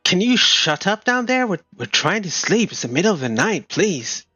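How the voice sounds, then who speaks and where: A man's voice: sits high, sing-song, moderate pace, sharp tone, no room sound, pitched above the performer's own voice, exaggerated voice. A man voicing a grumpy male neighbor woken in the night, snapping irritably, on a muffled lo-fi mic. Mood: irritated.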